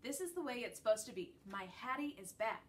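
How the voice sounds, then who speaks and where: A woman teacher gently reading a children's book chapter aloud to her class. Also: on the high side, sing-song, fairly quick. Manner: gentle, storytelling read-aloud. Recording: distant mic with faint background noise.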